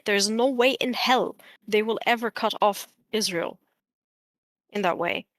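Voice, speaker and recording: A woman's voice: medium pitch, measured pace, a bit bright, no echo. A woman of Arab diaspora background arguing in a heated online debate, blunt and profane, talking over others to lecture.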